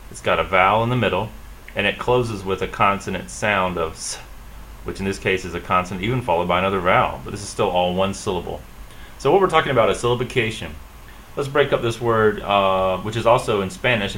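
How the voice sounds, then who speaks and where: A man from South Carolina teaching a Spanish class, explaining pronunciation slowly and patiently and repeating example words. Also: fairly low pitch, a bit bright, slight background noise, poor audio.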